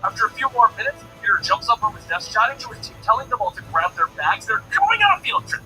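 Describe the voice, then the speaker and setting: A man narrating a cartoon episode recap in an animated storytelling manner, acting out the characters' quoted lines. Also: high-pitched, fast talker, poor audio. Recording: voice over loud background music.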